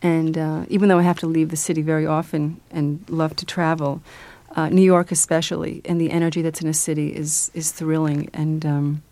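A woman's voice: low voice, level tone, fairly quick, few pauses, dark tone, no room sound. A woman guest in a radio interview, talking about her work with many fillers, restarts and easy laughter. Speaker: guest, children's book author and illustrator.

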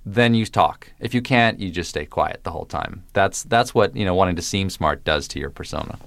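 Man, radio interview guest, precise diction, playful, low-pitched. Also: brisk, creaky, fairly bright tone, no echo. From American South. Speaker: guest, comedian.

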